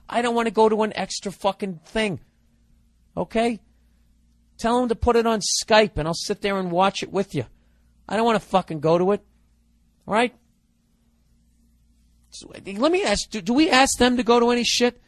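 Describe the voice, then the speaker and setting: A man rants profanely through his podcast with a mocking edge, his voice fairly high. The recording is dry and close, with no room sound. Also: moderate pace, no room sound. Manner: profane, ranting, mocking, drops to a mutter. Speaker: podcast host. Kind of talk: casual rambling monologue.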